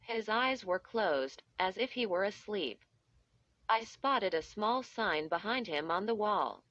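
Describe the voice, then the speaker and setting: A woman reading a spooky children's story aloud in the first person, measured and even. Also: medium pitch, no room sound, highs cut off. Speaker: audiobook narrator. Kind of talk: scripted first-person narration.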